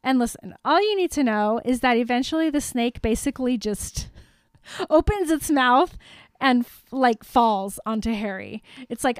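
A woman's voice: on the high side, moderate pace, smooth, dry recording. A young woman, retelling a story as a podcast co-host in a giggly, playful way. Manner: giggly, playful, animated retelling with silly voices. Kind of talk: casual chat.

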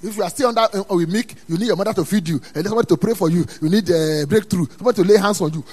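A man preaching a sermon in a church, dropping to quiet asides and then rising to loud, emphatic calls. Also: sits high, very fast, few pauses, husky. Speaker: pastor.

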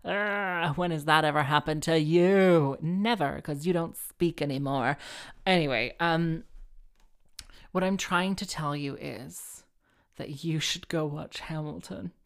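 A woman with a low-pitched voice rambling through a casual solo monologue. She mocks herself, laughs often and trips over restarts and filler words as she goes. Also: slow, clear, resonant tone. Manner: chatty, self-mocking, giggly, many fillers and restarts. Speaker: solo show host and harpist.

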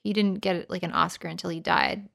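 A woman's voice: on the low side, very animated, brisk, vocal fry, fairly bright tone. Playful Canadian woman chatting. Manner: chatty, playful, slips into joking accent impressions. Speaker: podcast co-host. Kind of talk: casual chat.

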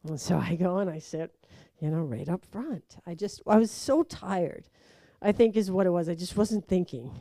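A woman's voice: lowish voice, moderate pace, dry recording. A young woman animatedly telling a personal story, acting out voices and laughing along. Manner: lively, acts out quoted voices, laughs through it.

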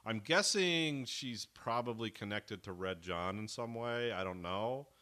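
Bright-voiced man recapping a TV episode. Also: on the low side, unhurried. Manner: rambling, acts out characters' lines in quotes. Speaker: podcast co-host. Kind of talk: casual TV recap chat.

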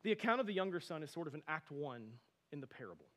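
With a quick pace and a voice pitched slightly above the typical male range, this thirty-something pastor gives a laid-back sermon. He's an animated storyteller who keeps breaking off for friendly side comments.

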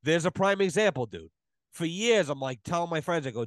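A man's voice: a little high, expressive, a little fast, no room sound. A man telling stories in a casual podcast chat, profane and emphatic. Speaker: podcast guest, plumber.

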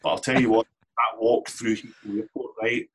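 A man's voice: fairly low pitch, steady tone, moderate pace, a bit bright, slightly rough. A Scottish man telling candid stories as a podcast guest, swearing casually. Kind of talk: casual storytelling interview.

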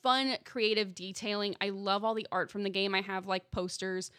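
Bright-voiced enthusiastic woman co-host. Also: medium pitch, fairly even intonation, normal speed, clean tone, no room sound. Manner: enthusiastic, gushing, lots of fillers. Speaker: podcast co-host. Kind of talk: casual chat.

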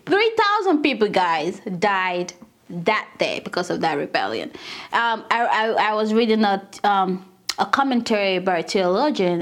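A woman teaching scripture in a casual, chatty way, with a high voice that swoops widely up and down. She keeps addressing her listeners as "guys" and acts out Bible scenes as she goes. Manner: dramatizes scripture with acted quotes.

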